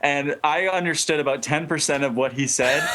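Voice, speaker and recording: A man's voice: a little high, moderate pace, sharp tone, slight background noise. A man, a band member guest, telling stories in a laid-back, rambling way, laughing as he goes, heard over a video call. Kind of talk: casual storytelling interview.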